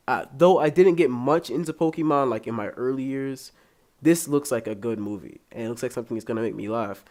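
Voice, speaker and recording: A man's voice: mid-range voice, normal speed. Rambling young man hosting a solo podcast. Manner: rambling, joking, casually profane. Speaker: podcast host. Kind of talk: casual solo podcast chat.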